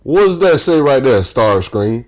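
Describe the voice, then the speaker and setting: A man's voice: medium pitch, big pitch swings, a little slow, a little mellow. A man hosting his own channel, teaching viewers in a casual livestream and peppering them with rhetorical questions. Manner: teasing, talks straight to chat viewers. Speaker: channel host.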